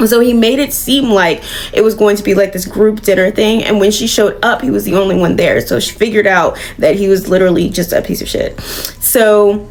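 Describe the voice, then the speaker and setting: Animated, foul-mouthed woman recapping a comic. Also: medium pitch, normal speed. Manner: animated, swears freely, acts out quotes. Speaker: comic book reviewer. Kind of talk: casual recap.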